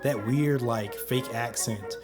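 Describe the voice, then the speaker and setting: A man's voice: medium pitch, slow pace. A man giving scripted history narration, with wry joking asides. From United States. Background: background music.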